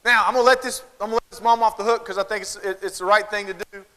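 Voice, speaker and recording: A man's voice: high-pitched, very fast. A man with a Southern accent giving a humorous keynote at a conference, telling stories and acting out voices of parents and children. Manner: animated storytelling, acting out voices of parents and kids. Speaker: keynote speaker. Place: large conference hall. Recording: hall reverb from a large venue. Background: audience laughter.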